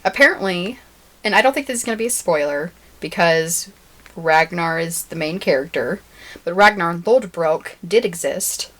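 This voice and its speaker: A woman's voice: on the low side, lively intonation, normal speed, a bit bright. A woman co-hosting a podcast in casual chat, laughing often and sharing facts she has looked up. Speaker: podcast co-host.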